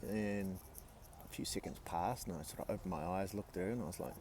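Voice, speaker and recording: A man's voice: sits low, fairly quick, noisy background. A man in his forties telling a personal story in a casual, candid way, swearing freely and using many fillers. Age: 40s.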